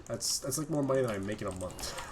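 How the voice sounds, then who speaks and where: A man's voice: medium pitch, animated, quick pace, background noise. A young man giving rambling, profanity-laden casual commentary over his own gameplay video. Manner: rambling, swears a lot. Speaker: gaming video host.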